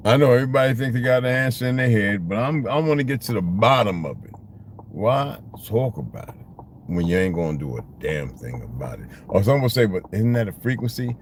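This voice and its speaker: A man's voice: medium pitch, darkish tone. Profane rambling man in a noisy car. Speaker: vlogger. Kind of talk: casual monologue while driving. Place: inside a car.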